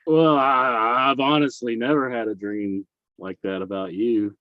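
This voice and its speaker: A man's voice: mid-range voice, steady tone, a little slow, dry recording. A man co-hosting a podcast in casual chat, giving dry, wisecracking replies. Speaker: podcast co-host. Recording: slightly dull dry sound.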